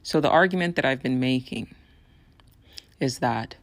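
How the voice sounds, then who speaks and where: A woman hosting a solo podcast, talking in an earnest, persuasive way with a raspy, hoarse voice. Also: extremely low pitch, normal speed, pauses often, no room sound. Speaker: podcast host.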